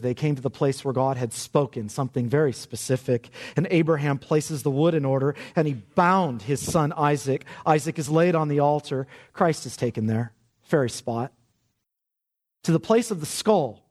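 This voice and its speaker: A man preaching a sermon with great passion, dropping to a hush and then rising to loud, urgent cries. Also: fairly high pitch, normal speed. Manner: impassioned, swinging from hushed to loud. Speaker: pastor.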